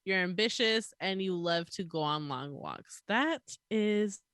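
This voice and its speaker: A young woman co-hosting a casual podcast chat, playful and teasing, quick to laugh. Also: mid-range voice, animated, fairly bright tone, clean tone, no room sound, clean studio sound. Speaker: podcast co-host.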